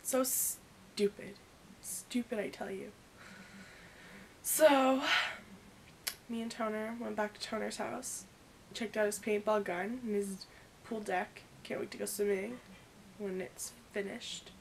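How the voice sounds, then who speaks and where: A young woman in her early twenties telling a story in a casual vlog, rambling and animated, acting out the quoted dialogue. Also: medium pitch, measured pace, creaky, slight background noise. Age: young adult. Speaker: vlogger.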